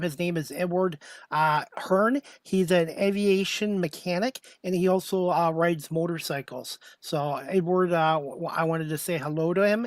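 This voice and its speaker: A man's voice: fairly high pitch, no echo. A man in his fifties hosting a casual talk show, speaking in a friendly, plainspoken way with some hesitation. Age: 50s.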